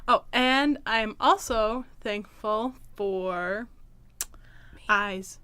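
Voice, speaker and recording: A woman co-hosting a casual podcast, telling an exasperated story in an animated way. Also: medium pitch, extremely slow, slight background noise. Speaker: podcast co-host. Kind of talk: casual chat.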